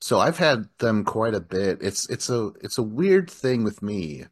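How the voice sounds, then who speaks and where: A man's voice: on the low side, sing-song, a little slow, breathy edge, no echo. A man in casual podcast chat, laid-back and joking.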